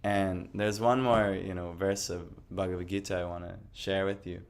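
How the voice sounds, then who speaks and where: A man with a fairly low voice tells a personal story in a loose, conversational way. He rambles with many fillers and restarts and sounds quietly amused at himself. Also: level tone, normal speed. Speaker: devotional speaker. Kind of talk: casual personal testimony talk.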